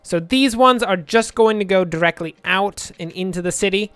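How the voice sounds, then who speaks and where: A man's voice: sits high, moderate pace, fairly bright tone, smooth, dry recording. A young man casually commentating his gameplay, rambling and joking, muttering asides to himself at a home desk microphone. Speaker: let's play host.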